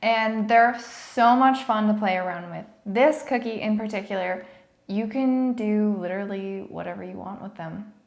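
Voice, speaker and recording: A woman's voice: medium pitch, moderate pace, darkish tone. Young woman, baking vlogger, chatty, playful, echoey kitchen. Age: young adult. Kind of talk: casual chat. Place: home kitchen.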